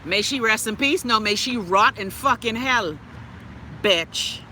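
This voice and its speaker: A Bahamian woman hosting a live stream, reading viewers' comments and ranting loudly and profanely. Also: on the high side, expressive, measured pace, slight background noise. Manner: loud, profane, exclaiming ranting. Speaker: livestream host.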